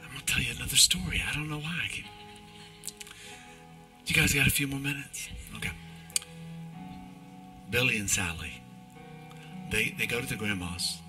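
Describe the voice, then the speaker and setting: A male pastor preaching a sermon in church, animated and emphatic, often restarting his phrases. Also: lowish voice, poor audio.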